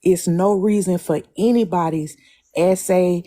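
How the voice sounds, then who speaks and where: Low-voiced, mellow, emphatic woman. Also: fairly even intonation. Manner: emphatic, moralizing, speaks in drawn-out phrases. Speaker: live stream panelist. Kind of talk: heated casual argument.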